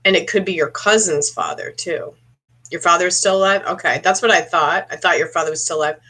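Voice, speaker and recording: A woman with a lowish voice and a bright, tense edge, reading for someone live. She searches for her words, stops often to clear her throat, and puts questions straight to the viewer. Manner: halting, searching delivery with frequent throat clearing; addresses a viewer directly with questions. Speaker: psychic medium. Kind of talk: live-stream psychic reading.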